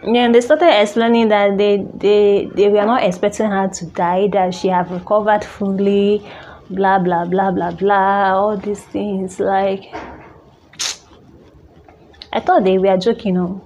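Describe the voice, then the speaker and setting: A woman telling a personal story in a halting, emotional way, full of restarts. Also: medium pitch, level tone, darkish tone, highs cut off, slight background noise. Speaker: vlogger.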